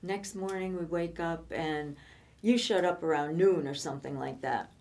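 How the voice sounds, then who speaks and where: A woman in her seventies reminiscing in casual chat, telling lively stories and laughing often. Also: low voice, moderate pace. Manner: animated storytelling, laughs often. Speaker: co-host.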